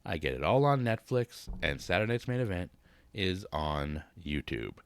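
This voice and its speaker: A man's voice: low voice, very animated, normal speed, clear, resonant tone, dry recording. A man giving a casual, blunt wrestling recap, talking in a rambling, profane rant. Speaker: wrestling vlogger.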